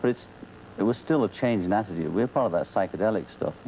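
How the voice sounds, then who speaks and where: A man from England with a Liverpool accent, a talk show guest chatting in a relaxed, wry way and laughing often. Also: lowish voice, fast, a little hiss or hum, poor audio. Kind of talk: casual talk show chat. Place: television studio.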